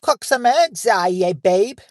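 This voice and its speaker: A man's voice: high-pitched, lively intonation, slow, dry recording, studio quality, voice pushed up. A man putting on a hammy Aussie-style bloke. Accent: imitated Australian / New Zealand. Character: brash laid-back Aussie-style bloke demanding eggs.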